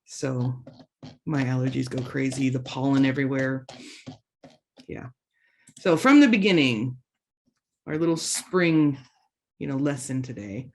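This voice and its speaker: A woman teaching an online language lesson, saying each word slowly and twice, and chatting casually between the drills. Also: a bass voice. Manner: slow, careful pronunciation drills with repeated words.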